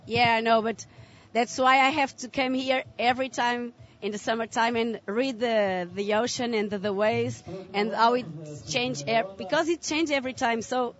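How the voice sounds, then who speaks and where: A woman's voice: a little high, steady tone, normal speed, muffled recording. A woman athlete interviewed after her heat, friendly and speaking in simple second-language phrasing.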